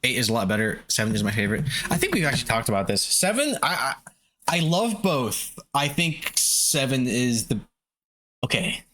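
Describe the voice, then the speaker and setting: A man's voice: mid-range voice, big pitch swings, normal speed, bright, forceful tone, a little hiss or hum. A young man streaming a game, chatting casually with viewers, laid-back, swearing and laughing often. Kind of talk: casual gameplay chat with viewers.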